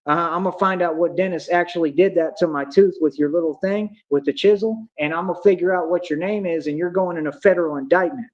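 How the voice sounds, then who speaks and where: A man with a fairly high voice for a man, ranting to his livestream chat in an agitated, accusatory tone. He taunts and scolds the people he addresses. The audio is muffled and lo-fi. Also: fast, few pauses. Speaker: livestream host.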